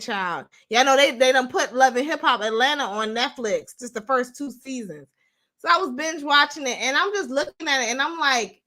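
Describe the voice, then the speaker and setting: A woman's voice: sits high, sharp tone. A young adult woman hosting a casual commentary show, talking blunt and sassy straight to her viewers. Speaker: show host.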